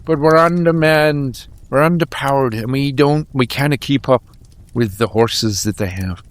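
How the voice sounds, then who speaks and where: A man voicing a gruff, boisterous, swearing male dwarf fighter in a tabletop game. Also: mid-range voice, a little slow, no echo, close to an everyday voice. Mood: determined. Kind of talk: playing a tabletop game character.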